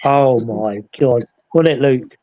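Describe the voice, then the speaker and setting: A man recounting a ghost investigation in casual chat, acting out the voices in his story with animated energy. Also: mid-range voice, slow, highs cut off. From England. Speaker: paranormal investigator.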